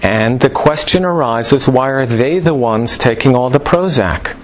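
Animated man lecturing to a room. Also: mid-range voice, a little slow, poor audio. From New York. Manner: animated, jokey, rhetorical questions. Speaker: lecturer on Chinese medicine. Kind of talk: live lecture to practitioners.

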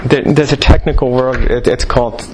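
A man giving a live lecture to practitioners, animated and jokey, firing rhetorical questions at the room. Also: medium pitch, brisk, very noisy. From New York. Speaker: lecturer on Chinese medicine.

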